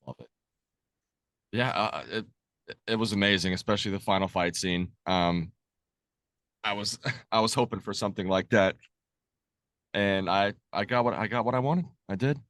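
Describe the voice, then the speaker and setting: A young man co-hosting a podcast, speaking haltingly with frequent restarts. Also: lowish voice, fairly bright tone, dry recording, clean studio sound. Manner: halting, restarts often, laughs a lot. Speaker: podcast co-host. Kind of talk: casual podcast chat.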